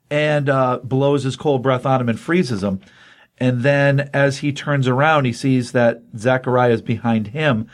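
A man hosts a casual talk show and walks through a comic's plot scene by scene. He slips into the characters' dialogue as he goes, and "um" and "like" pepper his speech. His voice sits at an ordinary middle pitch. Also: moderate pace. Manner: animated retelling that acts out the dialogue, with many fillers. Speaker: podcast co-host. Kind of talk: casual comic-book recap.

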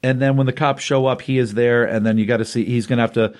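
A man's voice: mid-range voice, fairly even intonation, quick pace, darkish tone. A man co-hosting a casual comic book chat, retelling a story in rambling, restarting sentences. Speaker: comic book podcast co-host.

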